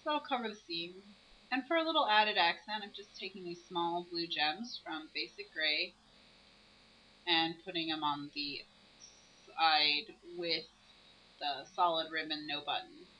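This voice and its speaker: A woman's voice: lowish voice, measured pace, muffled recording. A woman narrating her own crafting video, explaining each step as she works.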